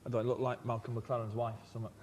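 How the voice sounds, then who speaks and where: A man's voice: medium pitch, level tone, rapid-fire, darkish tone, slight background noise. A man, a guest in an interview, telling wry, rambling anecdotes with stumbling restarts. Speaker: band member guest.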